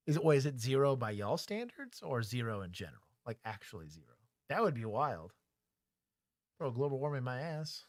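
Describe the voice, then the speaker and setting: A middle-aged former police officer with a Texan accent, co-hosting a casual livestream chat in a candid, joking way. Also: male voice, mid-range voice, very animated, normal speed, no echo, studio quality. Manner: candid, joking, talks things through aloud.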